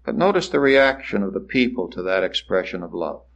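A man preaching a sermon, swinging from soaring lines to hushed ones and acting out the voices he quotes. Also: deep voice, very animated, a little fast, creaky, highs cut off. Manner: dramatic rises and hushed drops, acts out quoted voices.

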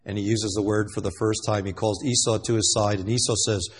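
Emphatic preacher with a husky voice. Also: male voice, on the low side, fairly quick, hardly any pauses. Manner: emphatic, swings between loud and hushed. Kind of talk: sermon.

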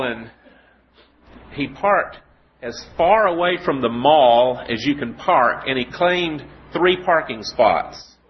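Male preacher, sermon delivery, animated pitch, dull lo-fi recording. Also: slight background noise. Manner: storytelling, rhetorical questions, slow emphatic scripture reading.

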